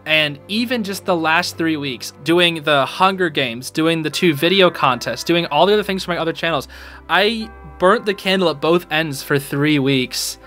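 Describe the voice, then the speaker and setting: A man giving a casual, excited reaction to a show's episode, full of slang and calling the listener dude and bro, and a bit emotional about it. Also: fairly high pitch, moderate pace, faint music behind. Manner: emotional, a little teary. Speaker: YouTube show reviewer.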